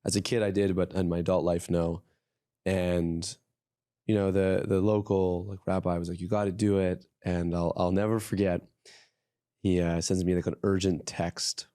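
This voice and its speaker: Deep mellow guy hosting a podcast, dry close sound, easygoing and a bit hesitant. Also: little pitch movement, normal speed, no echo. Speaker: podcast host. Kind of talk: casual interview chat.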